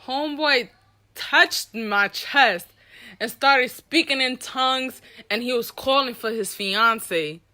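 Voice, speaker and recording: A young woman telling a candid personal story with an animated, profane delivery, acting out the people she quotes. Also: fairly high pitch, slow pace. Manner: animated, profane, reenacts dialogue.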